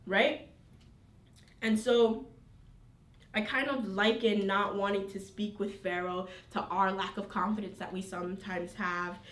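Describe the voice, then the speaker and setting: Woman teaching scripture in an echoey room. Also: mid-range voice. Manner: conversational, frequent tag questions, reads scripture aloud. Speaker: Bible teacher. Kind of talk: informal Bible study teaching. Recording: roomy, distant mic.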